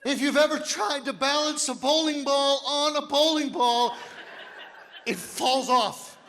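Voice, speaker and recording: A man in his fifties performing a stand-up comedy set, telling stories loudly and physically and shouting his punchlines. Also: very high voice, unhurried. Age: 50s. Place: comedy club stage. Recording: live hall reverb with faint noise. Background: audience laughter.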